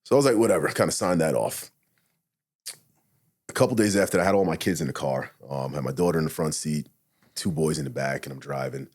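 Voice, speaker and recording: A retired police officer with a very deep, husky voice tells his story at a fast clip. He is blunt and profane. He acts out his own thoughts and lines as he goes. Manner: blunt, profane, animated retelling with acted-out inner quotes. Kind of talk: casual storytelling interview.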